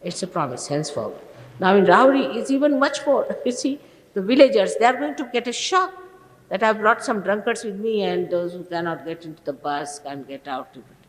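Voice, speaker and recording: An older woman preaches to her followers in a large hall, with a long reverb trailing each phrase. She scolds and insists, firing rhetorical questions, with mid-range pitch. The sound is a roomy old archive recording. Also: expressive, a little fast. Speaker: spiritual teacher. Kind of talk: informal sermon to followers.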